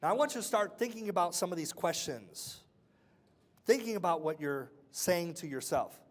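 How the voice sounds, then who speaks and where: A man with a fairly high voice runs a lively workplace training session. He talks straight to the room, tossing out questions and asking people to repeat key words back to him. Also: normal speed. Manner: quizzes the audience with call-and-response questions. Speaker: workshop speaker. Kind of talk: motivational workshop talk.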